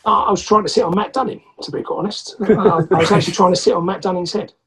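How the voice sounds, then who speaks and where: Speaking fast in a high, slightly rough voice, an Englishman who once played rugby tells an anecdote on a podcast he's guesting on. He is animated and mimics the people he quotes, though the audio is poor.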